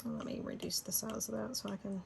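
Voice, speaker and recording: A woman's voice: medium pitch, wildly swooping pitch, brisk, gravelly, background noise. A middle-aged woman with a Southern Georgia accent, chatting casually and rambling while she leads a design tutorial. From Florida. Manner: chatty, rambling, laughs easily. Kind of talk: casual screen-recorded tutorial chat.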